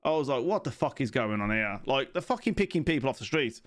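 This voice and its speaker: A man's voice: mid-range voice, expressive, fast. A man giving an off-the-cuff film review, rambling and swearing constantly, with laughing asides.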